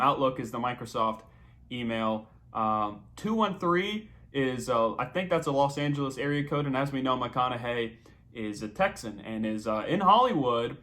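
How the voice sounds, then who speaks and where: A man's voice: medium pitch, bright, forceful tone. A young man hosting a solo podcast, building up a story with mock-dramatic flair and playful self-corrections. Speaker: podcast host.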